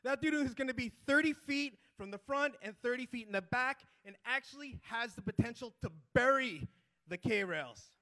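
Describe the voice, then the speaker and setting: A man giving a lively conference talk as a restoration manager, rallying the audience with chants and quick asides. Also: very high voice. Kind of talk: energetic presentation with crowd call-and-response. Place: conference hall before a live audience.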